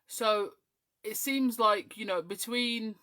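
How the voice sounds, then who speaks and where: A woman's voice: a little high, slow, pushed and bright. A woman in her forties from the west of Scotland, with an English accent that keeps a faint Scottish twang. She hosts a crafting show and chats in a rambling way, full of ums, as she works. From west coast of Scotland. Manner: chatty, rambling, with frequent ums. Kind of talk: casual chat while crafting.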